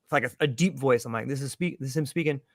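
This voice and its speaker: A man telling a story in a casual chat, lively and acting out the voices of the people in it. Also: mid-range voice, quick pace, dry recording, clean studio sound. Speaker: panel guest telling a story.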